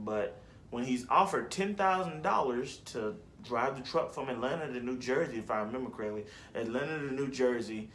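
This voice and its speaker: Young guy rambling about movies, slangy, mid pitch, faint noise behind. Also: fairly bright tone. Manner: rambling, slangy, restarts and self-corrections. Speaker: vlogger. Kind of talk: casual movie list chat.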